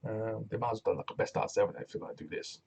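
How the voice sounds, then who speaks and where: A man's voice: fairly low pitch, racing, gravelly. A man giving a casual, rambling review of a wrestling show, retelling segments with loose commentary. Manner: rambling, animated retelling with acted quotes and laughs.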